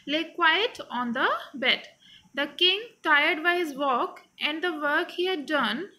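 High, slow woman teacher explaining a story. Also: sharp tone, low-quality recording. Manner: reads a line then re-explains it in simple words. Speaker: English teacher.

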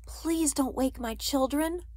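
Woman voicing a quiet, protective mother, calm pleading, dry read. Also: high voice, slow pace, dry recording, voice pushed up.

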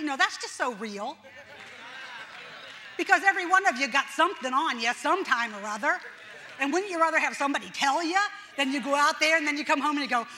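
An older woman pastor delivers a chatty, self-deprecating sermon in a church sanctuary, doing little voices and laughing as she goes. Her high voice is animated, a little fast, bright, and forceful, recorded in a reverberant church hall with slight background noise.

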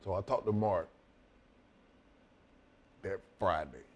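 A man's voice: low-pitched, slow pace. A middle-aged man telling a story in a casual interview, profane and laughing, acting out both sides of each exchange. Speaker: wrestling guest telling stories.

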